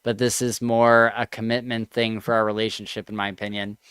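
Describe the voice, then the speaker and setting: A man co-hosting a casual podcast chat, reacting with quick comments and reading out online posts. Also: fairly low pitch, little pitch movement, fairly bright tone, clear, resonant tone, no room sound. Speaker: podcast co-host.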